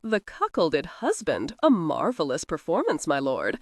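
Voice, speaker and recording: A woman's voice: deep voice, huge pitch swings, measured pace, no room sound, studio quality, full character voice. A woman voicing a witty young noblewoman who talks in a sweetly sarcastic, mock-guilty way. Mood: sly teasing.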